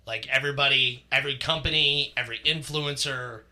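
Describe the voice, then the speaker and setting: Very bright-voiced man ranting on a podcast. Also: medium pitch, steady tone, a little fast. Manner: blunt, swears freely, ranting. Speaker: podcast co-host. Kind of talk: casual profane chat.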